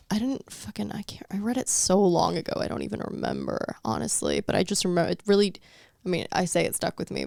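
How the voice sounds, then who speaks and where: A woman's voice: on the low side, gravelly, a little mellow, clean tone, dry recording. A woman hosting a podcast in casual, profane, wry chat, reading articles aloud into a close mic. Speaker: podcast host.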